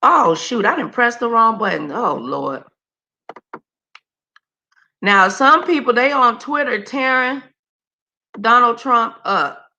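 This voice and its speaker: A woman's voice: on the high side, lively intonation, takes it slowly, long pauses, bright, forceful tone, muffled recording. A woman hosting a casual live stream, chatty and slangy, greeting viewers by name. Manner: scolds her dogs mid-stream.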